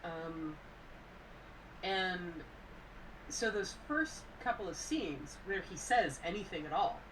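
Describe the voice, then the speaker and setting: A woman co-hosts a casual film podcast in a slightly low voice. She thinks aloud, hesitant and full of fillers. She sits back from the mic, with a steady hiss in the background. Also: slow pace, distant mic. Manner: thoughtful, hesitant, many fillers. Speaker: podcast co-host.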